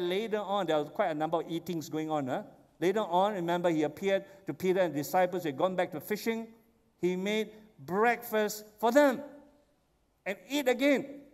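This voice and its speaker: Male pastor, high pitched, animated sermon delivery, church hall echo. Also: moderate pace. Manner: animated storytelling, rises to excited exclamations. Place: church sanctuary. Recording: long church hall reverb.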